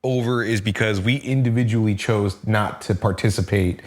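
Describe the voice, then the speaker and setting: Low-voiced, laid-back man co-hosting. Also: fairly even intonation, normal speed. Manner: laid-back, profane, laughs while telling stories. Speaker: podcast co-host. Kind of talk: casual comic book review chat.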